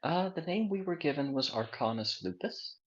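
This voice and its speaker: A man's voice: on the high side, expressive, moderate pace, husky, dull audio, voice pushed up. A man voicing a polite, composed young woman leader who speaks formally, in a tabletop game. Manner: formal and courteous.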